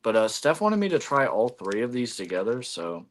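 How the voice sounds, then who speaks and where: A man's voice: medium pitch, very animated, normal speed. A man hosting a casual livestream, rambling with many fillers and eating while he talks. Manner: chewing food while talking. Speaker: livestream host.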